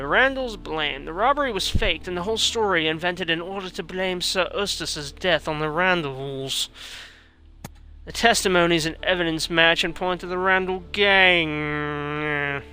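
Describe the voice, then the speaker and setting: A man's voice: on the high side, pushed and bright. A young man commenting on his game while tipsy, rambling and swearing freely. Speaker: gamer streaming a playthrough. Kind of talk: casual let's-play commentary.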